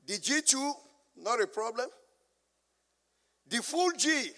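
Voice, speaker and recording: Nigerian pastor, very high pitch, sermon with call-and-response and humor, big reverberant hall. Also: male voice, very animated, takes it slowly, long pauses, bright, forceful tone. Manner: call-and-response preaching, asking the congregation to finish his lines; storytelling with humor.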